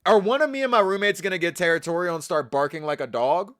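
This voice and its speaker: A man's voice: sits high, quick pace, fairly bright tone. A man live-streaming, reacting in a casual, profane, incredulous and mocking way. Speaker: livestreamer.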